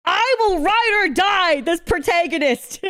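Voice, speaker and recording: A young woman hosting an anime reaction, talking casually, swearing freely and shouting at the screen in excitement. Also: extremely high pitch, a little slow.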